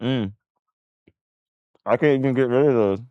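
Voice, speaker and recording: Excitable male trader, live self-commentary, smooth clear tone, dry room. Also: mid-range voice, measured pace, no echo, phone-quality sound. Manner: excitable, swearing, repeats himself in disbelief. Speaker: options trader. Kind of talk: live trading commentary to himself.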